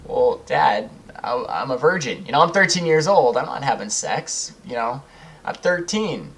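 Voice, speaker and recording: A man's voice: medium pitch, expressive, moderate pace, a bit bright. A young man hosting a gaming video, rambling through a personal story, swearing freely and laughing as he goes. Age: young adult. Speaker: gaming channel host. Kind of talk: casual storytelling over gameplay.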